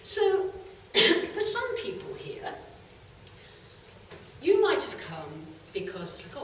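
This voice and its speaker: Middle-aged woman speaker, expressive storyteller, heard from a distance in a very echoey hall. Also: fairly low pitch, unhurried, pauses often, a little hiss or hum. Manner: lively, animated storytelling with bursts of laughter. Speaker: channeler giving a talk. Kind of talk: storytelling talk to a live audience.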